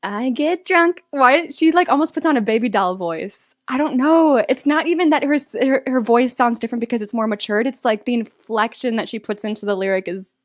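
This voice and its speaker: A woman chatting excitedly and laughing as she reacts to an album. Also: on the high side, fairly quick, few pauses, no echo, studio quality. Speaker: music reaction streamer. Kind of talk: casual reaction commentary. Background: faint pop music.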